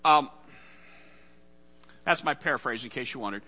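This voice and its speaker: A man's voice: mid-range voice, normal speed, pushed and bright. A man preaching a sermon as pastor, casual and conversational, acting out the voices in Bible stories.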